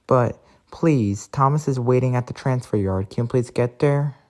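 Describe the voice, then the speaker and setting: A man playing a kind male railway boss who speaks gently and reassuringly. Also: medium pitch, normal speed, lightly acted.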